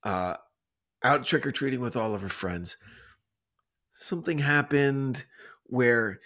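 A man co-hosting a podcast in loose, casual conversation. He rambles and restarts, getting animated as he tells a story, with an ordinary middle pitch. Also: slow pace. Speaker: podcast co-host. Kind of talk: casual chat.

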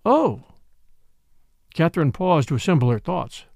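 A man's voice: on the high side, a little fast, gravelly, dry recording, studio quality. A man narrating a mystery novel as an audiobook, reading expressively. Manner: expressive storytelling.

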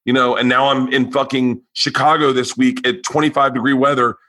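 A man hosting a podcast, telling stories in a lively way, swearing freely and acting out the people in them. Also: medium pitch, fairly quick. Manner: animated storyteller, swears freely, acts out voices. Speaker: podcast host. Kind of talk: casual chat.

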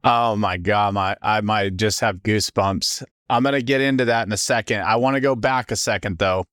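A man's voice: on the low side, moderate pace, a bit bright, clear, resonant tone, dry recording, studio quality. A man hosting a podcast, curious and asking several questions at once. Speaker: podcast host. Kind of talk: interview questions.

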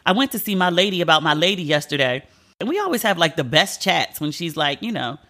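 A woman's voice: fairly low pitch, very animated, quick pace, sharp tone. A woman hosting a solo podcast, chatting candidly with strong opinions and casual slang. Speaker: podcast host. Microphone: podcast mic.

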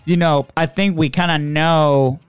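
Hype podcast host guy, kinda high voice, laughs a lot, light music. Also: steady tone, measured pace. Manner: upbeat, laughs often. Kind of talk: casual interview chat.

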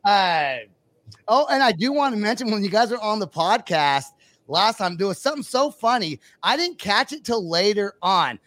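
A man's voice: high voice, very animated, normal speed, fairly bright tone. An American man hosting a podcast interview in a loose, rambling, casual way, swearing freely. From United States. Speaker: podcast host.

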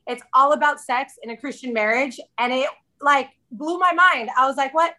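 A woman's voice: high voice, moderate pace, sharp tone. A woman in her thirties, a podcast guest in casual chat, candid and chatty, often quoting herself.

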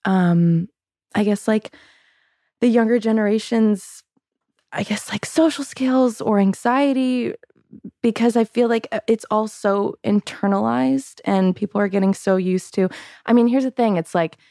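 A woman's voice: mid-range voice, unhurried, dark tone, dry recording, studio quality. A woman in her twenties from Illinois, a podcast guest talking in a thoughtful, chatty way. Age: 20s. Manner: thoughtful, hedging with fillers. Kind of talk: casual podcast chat.

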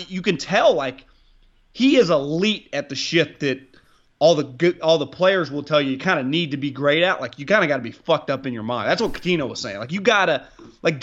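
A man's voice: fairly high pitch, fairly bright tone, highs cut off. A man hosting a casual sports podcast, rambling and restarting his sentences, with frequent swearing. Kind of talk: casual sports talk with profanity.

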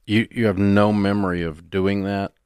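A man's voice: fairly low pitch, little pitch movement, normal speed, a little mellow, smooth, no echo. Blunt folksy man hosting advice radio. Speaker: radio show host. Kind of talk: call-in advice talk.

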